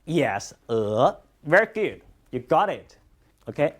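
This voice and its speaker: A Chinese language teacher, a native Chinese speaker, teaching a class in English with steady praise and repetition. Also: mid-range voice. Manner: slow, encouraging, repeats lots of praise. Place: classroom with students.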